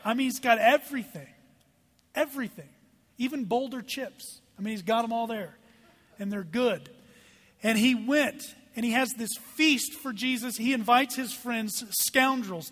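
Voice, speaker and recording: Pastor, male, lively emphatic sermon, high voice, hall reverb. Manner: animated, emphatic preaching with dramatic drops to hushed tones.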